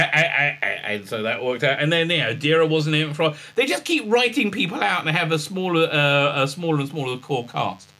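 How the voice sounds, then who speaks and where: A man hosting a sarcastic episode recap, mocking and exasperated, full of halting fillers. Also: fairly high pitch, pushed and bright. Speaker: show host reviewing a TV episode.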